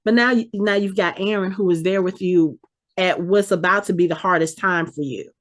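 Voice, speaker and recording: A woman's voice: on the low side, steady tone, normal speed. A woman co-hosting a podcast, animatedly recapping an episode in casual chat and acting out the characters' lines as she goes. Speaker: podcast co-host.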